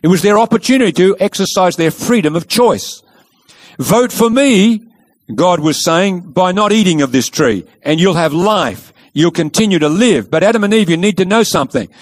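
A man preaching a sermon, telling the story in a lively way and acting out the quoted speech. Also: high-pitched, fairly quick, hardly any pauses.

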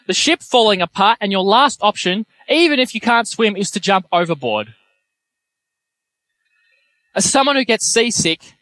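High-voiced young man preaching. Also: no room sound. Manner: self-deprecating storytelling, lively and animated. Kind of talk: sermon with personal stories.

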